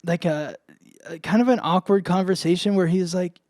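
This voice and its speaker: A man's voice: high voice, steady tone, moderate pace, a little mellow, dry recording, studio quality. A man co-hosting a podcast, telling a story in a casual chat full of "like" fillers. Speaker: podcast co-host, astrologer.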